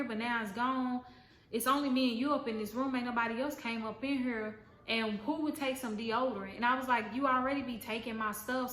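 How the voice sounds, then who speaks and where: A young woman telling a casual storytime, animated and slangy, acting out what people said. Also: fairly high pitch. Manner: animated, slangy, acts out quotes. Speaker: vlogger. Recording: echoey room, faint background noise.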